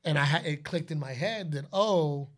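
A man's voice: a little high, normal speed. A man co-hosting a podcast, talking casually and animatedly about being a father, often slipping into playful voices. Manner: animated storyteller, slips into playful announcer shouts. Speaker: podcast co-host.

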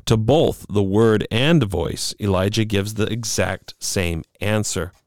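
A man teaching a Bible study lesson, measured and emphatic, slowing down on key words. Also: on the low side, a little mellow, no room sound, studio quality.

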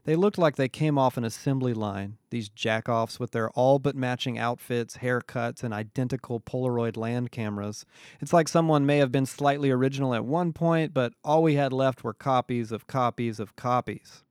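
A man's voice: medium pitch, normal speed, darkish tone, clear, resonant tone, dry recording, clean studio sound. A man reading a first-person story aloud in a wry, sardonic manner. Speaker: audiobook narrator. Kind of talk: scripted first-person narration.

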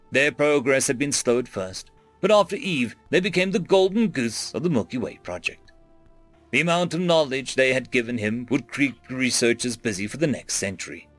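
A man narrating a science-fiction story in a scripted, expressive storytelling manner. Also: mid-range voice. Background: faint music.

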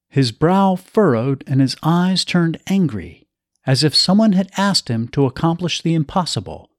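A man reading a story aloud in a measured, expressive way. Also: fairly high pitch, dry recording, studio quality. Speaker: narrator.

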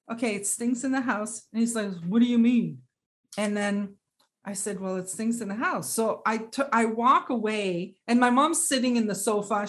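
A woman telling a personal story in conversation, earnest and reflective, pausing and restarting as she speaks. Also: on the high side.

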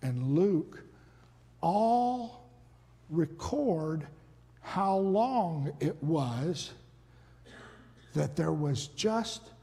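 A man preaching a dramatic storytelling sermon, swinging from loud to hushed. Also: fairly high pitch, animated, extremely slow, pauses often. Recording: long reverb of a large hall.

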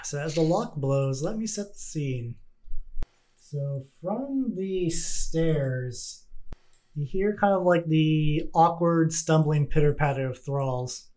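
A man running a tabletop game as game master, chatting casually with quick asides and laughs. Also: a little high, animated, warm tone.

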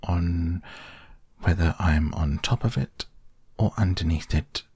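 Man reading growly simple bear, low husky voice. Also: slow, darkish tone, no room sound, exaggerated voice. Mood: proud. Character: simple proud little bear, gentle.

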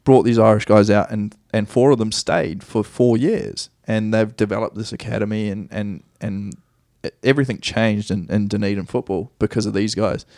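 Kiwi man, podcast guest, low voice, dry close sound, casual storyteller who loops back on himself. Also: fairly even intonation, normal speed, creaky, few pauses, a little mellow, no room sound. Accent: New Zealand. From New Zealand. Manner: rambling, self-correcting anecdotes with easy laughs. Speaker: guest soccer player.

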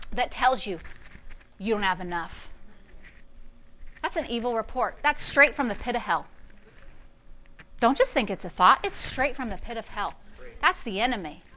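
A woman pastor preaching a lively sermon, repeating declarations aloud and directing a live demonstration in a church. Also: on the high side. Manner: animated, calls out and repeats declarations.

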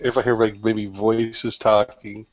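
A man's voice: on the low side, little pitch movement, measured pace. A laid-back man joking around while playing a tabletop role-playing game. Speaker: player. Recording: dull lo-fi sound.

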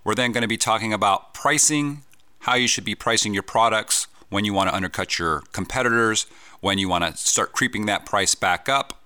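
A man's voice: lowish voice, brisk, bright, forceful tone, clear, resonant tone, no echo. A man hosting a podcast, talking casually and upbeat, often asking listeners rhetorical questions. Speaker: podcast host. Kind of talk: casual solo podcast talk.

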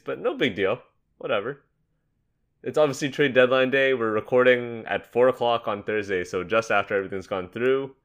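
A young man hosting a casual sports podcast, upbeat and joking, quick to laugh. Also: medium pitch, a bit bright. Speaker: podcast host. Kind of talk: casual basketball podcast chat.

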